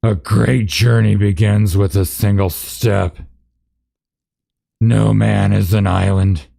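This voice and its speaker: A man's voice: lowish voice, flat delivery, slow, creaky, warm tone, pitched above the performer's own voice, exaggerated voice. A man voicing a grand, mournful elf queen in a sing-song, mock-solemn lament. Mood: solemn farewell.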